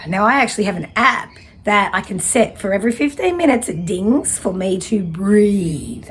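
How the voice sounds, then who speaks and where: A woman's voice: medium pitch, expressive, moderate pace, slightly rough. A woman, giving a casual tarot reading in a fiery, direct way. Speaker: tarot reader.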